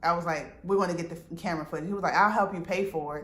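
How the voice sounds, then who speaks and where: A woman's voice: lowish voice, fairly even intonation, very fast, few pauses, fairly bright tone. Woman telling a personal story, roomy sound. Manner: casual, emotional retelling with many fillers. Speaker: vlogger. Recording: roomy with faint background noise.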